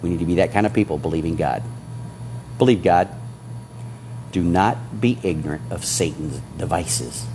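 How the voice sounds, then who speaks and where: A man's voice: low-pitched, moderate pace, pauses often, noisy background. A man preaching a sermon as pastor, exhorting his congregation with fervor.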